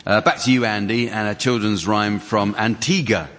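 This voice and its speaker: A man's voice: lowish voice, steady tone, normal speed, a bit bright. A man hosting a comedy panel game in front of a studio audience, reading out rhymes with dry, mock-serious delivery. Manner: dry, mock-serious delivery, chuckles at his own jokes. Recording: audience hall recording, crowd noise.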